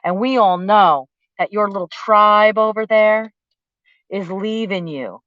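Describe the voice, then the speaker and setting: In a medium-pitched voice and at a slow pace, a woman vlogger rants angrily and profanely into the camera, taunting and accusing the person she's addressing. The recording is dull, lo-fi, and dry, with no echo.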